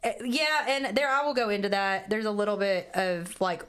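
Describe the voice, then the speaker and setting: A woman's voice: medium pitch, normal speed, a bit bright, clear, resonant tone. A woman in a casual podcast conversation, giving her take on a movie. She talks in a loose, chatty way, full of fillers and trailing thoughts. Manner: chatty, hedging opinions with fillers. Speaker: podcast co-host.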